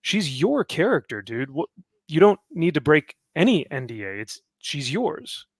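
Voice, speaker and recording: A man's voice: fairly high pitch, very animated, measured pace, breathy edge, dry recording. A man on a casual panel podcast, talking through a theory at length. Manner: speculative, talks things through at length. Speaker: podcast co-host.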